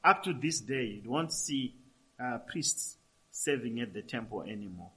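A man's voice: mid-range voice, lively intonation, measured pace, a bit bright, low-quality recording. A man preaching a sermon, emphatic and repeating phrases for stress.

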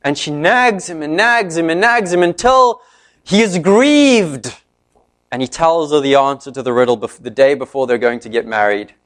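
A man preaching a sermon, retelling a story in an animated way and briefly voicing each character's lines. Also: on the high side, moderate pace.

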